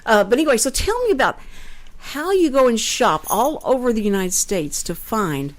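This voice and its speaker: A chatty woman hosts a relaxed community radio show, her pitch swinging up and down as she laughs and jokes with her guest. She talks into a headset mic in a small studio. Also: normal speed. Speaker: radio talk show host. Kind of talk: casual radio interview.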